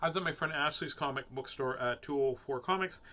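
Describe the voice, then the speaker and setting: Bright-toned playful man reading stories. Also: medium pitch, a little fast. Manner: playful and silly, rambling asides. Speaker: host reading children's books aloud. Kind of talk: casual chat and picture book reading.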